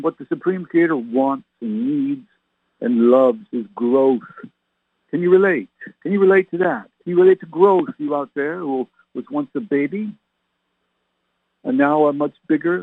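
Husky preacher man on tinny radio. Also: mid-range voice, no room sound. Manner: preachy, full of rhetorical questions to listeners. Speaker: reverend. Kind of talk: radio sermon. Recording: tinny phone-like radio sound, dry.

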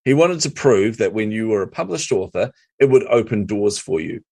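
A middle-aged man, a marketing coach, talking as an interview guest in an energetic, emphatic way, laughing often. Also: on the low side, moderate pace, dry recording, studio quality. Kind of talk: casual interview chat.

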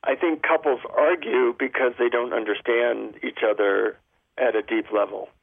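A man being interviewed as an author, explaining calmly and giving spoken examples. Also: medium pitch, moderate pace, creaky, no room sound. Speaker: guest, relationship author. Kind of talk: interview over the phone. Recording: tinny dry phone line.

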